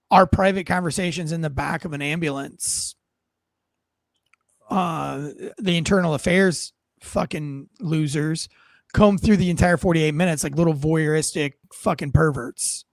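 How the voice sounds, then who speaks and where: A man's voice: a little high, a little slow, gravelly, no echo, studio quality. A man, a former police officer, telling a story in a casual interview in a blunt, profane, rambling way.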